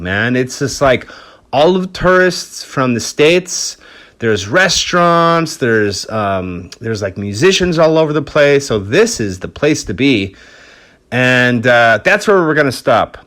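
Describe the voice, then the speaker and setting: A man hosting a podcast, telling a story in a relaxed, rambling way, swearing freely. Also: mid-range voice, a little slow. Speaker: podcast host.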